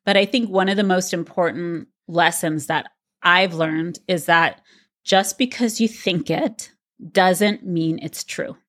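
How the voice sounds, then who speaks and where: A woman's voice: lowish voice, unhurried, fairly bright tone. A middle-aged woman co-hosting a podcast, talking in a reflective, earnest way. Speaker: podcast co-host. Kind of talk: casual podcast conversation.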